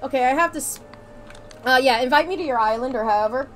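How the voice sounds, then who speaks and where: Give me a high, bright-voiced woman joking around in mock pirate-speak while she plays a game. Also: fast talker, faint music behind. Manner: mock pirate speech, jokey and profane. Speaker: streamer. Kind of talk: casual gaming chat.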